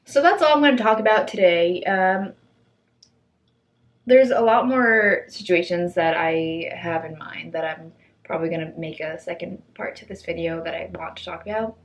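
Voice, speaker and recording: A young woman vlogging, telling funny stories in a chatty, animated way and acting out the people in them. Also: fairly low pitch, normal speed. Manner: chatty, animated, acts out voices in quotes. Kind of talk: casual storytelling.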